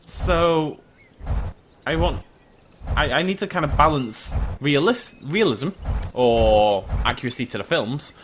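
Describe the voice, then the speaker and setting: A man giving excitable, chatty gameplay commentary and talking to the animals on screen. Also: fairly high pitch, slow, a little hiss or hum. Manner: excitable, chatty, talks to the creatures. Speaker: gaming YouTuber. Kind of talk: game commentary.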